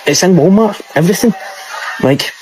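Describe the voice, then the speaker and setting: A man filming a vlog inside a large store, talking excitedly and laughing often. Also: high-pitched, moderate pace, a little hiss or hum. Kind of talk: walk-around vlog. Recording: store ambience behind.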